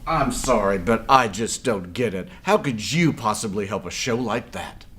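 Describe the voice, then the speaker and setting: Man, lively pitch, mock interviewer, skeptical questions, faint background noise. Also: moderate pace. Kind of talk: scripted comedy interview.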